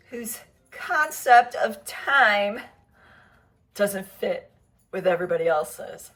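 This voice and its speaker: A woman's voice: fairly low pitch, a bit bright. A middle-aged woman from the Midwest chatting casually and rambling easily as she vlogs her day at home. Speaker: travel vlogger. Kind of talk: casual vlog chat.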